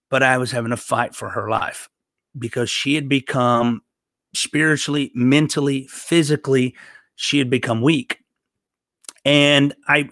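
A man's voice: medium pitch, sharp tone, dry recording, clean studio sound. Earnest man telling his testimony. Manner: earnest storytelling, frequent restarts. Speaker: guest. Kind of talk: personal testimony.

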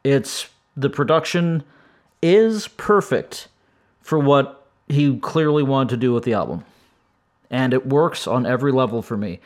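A man's voice: medium pitch, a little slow. A middle-aged man hosting a music podcast, reviewing albums in a casual, enthusiastic and rambling way, tired and breaking off now and then to chuckle. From St. Louis, United States. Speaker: podcast host.

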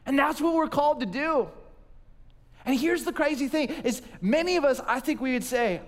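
Pastor in his forties, high voice, animated storyteller, church-hall reverb. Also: normal speed. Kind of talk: sermon.

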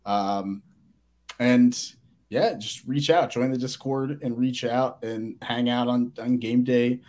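A man co-hosting a sports podcast, talking quickly and eagerly in casual chat, often restarting his sentences. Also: mid-range voice, fairly even intonation, a little mellow. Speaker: podcast co-host.

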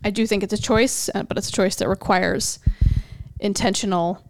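A woman's voice: mid-range voice, steady tone, moderate pace, background noise. A woman co-hosting a faith podcast, talking earnestly and reflectively in long flowing runs. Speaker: podcast co-host. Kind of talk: casual faith talk.

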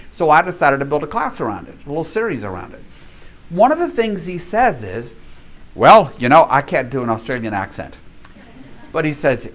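Older male Bible teacher in his 70s, chatty and animated, voice pitched a little high and swinging a lot, laughs often while teaching. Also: moderate pace. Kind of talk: church class teaching.

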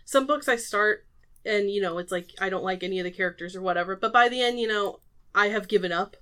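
A woman hosting a casual book club chat, talking in a chatty, animated way with lots of filler words. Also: medium pitch, fast talker, smooth. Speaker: book club podcast host.

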